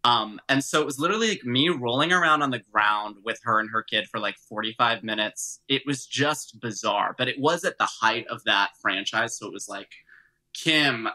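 A young man is a guest on a casual podcast, with a bright, forceful tone. He tells expressive stories, dropping to hushed asides and then bursting into louder laughter. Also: mid-range voice, poor audio. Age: young adult. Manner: expressive storyteller, swings between hushed asides and loud laughter. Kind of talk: casual chat.

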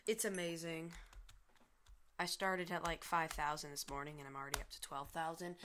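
A woman's voice: low-pitched, steady tone, moderate pace, noisy background. A woman from the United States giving casual let's-play commentary at her computer, chatty and often dropping into playful murmurs and whispers. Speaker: gaming video host. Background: faint keyboard and mouse clicks.

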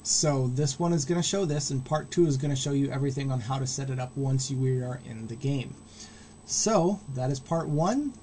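A man talks through a tutorial in a warm, mellow voice, casual and rambling as he goes. He gets visibly excited about the features he likes. A faint hiss sits under the recording. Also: mid-range voice, normal speed. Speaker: modding tutorial host. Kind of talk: casual screen-recorded walkthrough.

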